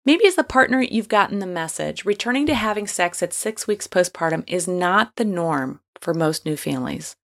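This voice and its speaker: Frank, playful woman with a lowish voice. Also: expressive, normal speed, few pauses, fairly bright tone. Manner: frank, playful and encouraging, with casual slang. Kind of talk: scripted advice monologue.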